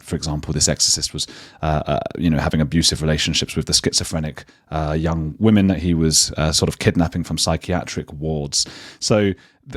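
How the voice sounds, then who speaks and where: A British man, a journalist and podcaster, talking as a guest in a casual interview, animated and self-deprecating, often restarting his sentences. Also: low voice, no echo, clean studio sound. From Britain.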